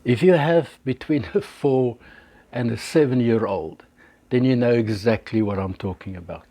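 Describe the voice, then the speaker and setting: Speaking to camera at a moderate pace, a man in his 60s with a warm, mid-range voice works as a life coach teaching social skills. He brings his lessons to life by acting out short sample conversations.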